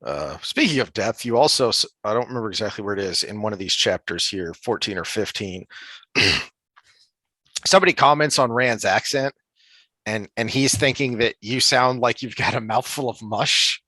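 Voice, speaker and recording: A podcast co-host with a lowish, expressive, bright voice talks at a moderate pace in a forceful tone, recorded dry. He chats casually about a fantasy book series, rambling with lots of restarts and filler words.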